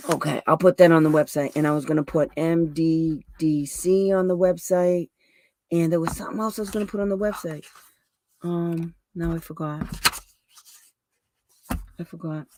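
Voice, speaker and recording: A woman hosting a show as a special education advocate, telling stories in a chatty, rambling way with asides and quick restarts. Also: low-pitched, steady tone, warm tone, slight background noise. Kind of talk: casual storytelling livestream talk.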